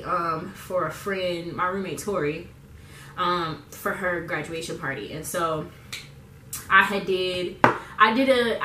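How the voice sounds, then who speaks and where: A woman's voice: lowish voice, roomy sound, distant mic, background noise. A young woman chatting in a rambling, casual way full of fillers while getting ready on camera. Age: young adult. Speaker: beauty vlogger. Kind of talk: casual get-ready-with-me chat.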